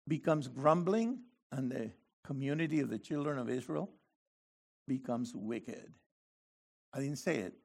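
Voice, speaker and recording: A man preaching a sermon, reading scripture slowly and then breaking into loud, animated exclamations. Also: a little high, gravelly.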